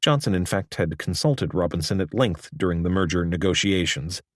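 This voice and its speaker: A man in a measured, even scripted audiobook narration. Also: sits low, no room sound, clean studio sound.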